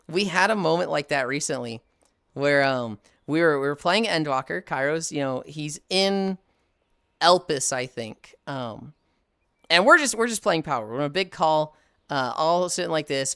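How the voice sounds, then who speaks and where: A woman streamer chatting casually while she plays, animated and swearing freely, laughing often. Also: low-pitched, moderate pace, clear, resonant tone, no room sound, studio quality. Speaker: live streamer. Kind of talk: casual chat while gaming.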